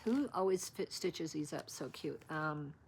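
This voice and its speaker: A woman's voice: sits low, animated, unhurried, vocal fry, a little mellow, slight background noise. A woman vlogger chatting casually about her stitching patterns, rambling and interrupting herself as she searches. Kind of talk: casual show-and-tell chat.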